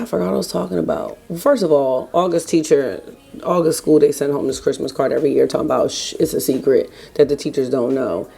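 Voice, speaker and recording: A woman in her thirties, a beauty vlogger, chats and rambles straight to her viewers while doing her makeup at home as she gets ready in the morning. Her voice is low-pitched and creaky, with a dark tone and a breathy edge.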